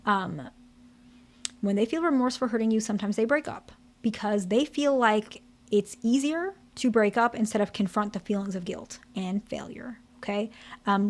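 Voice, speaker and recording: A woman therapist explaining relationship patterns to camera in a candid, conversational way, often checking in with "okay?" and "right?". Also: mid-range voice. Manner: candid, direct.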